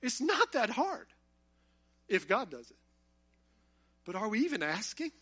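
A man preaches a sermon in a high, bright, forceful voice. He talks to the congregation conversationally and builds to impassioned emphasis. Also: big pitch swings, a little slow.

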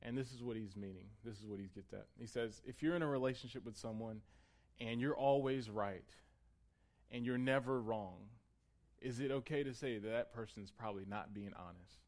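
A man's voice: mid-range voice, moderate pace, darkish tone. Conversational man preaching a sermon. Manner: conversational, building to emphatic peaks. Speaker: pastor.

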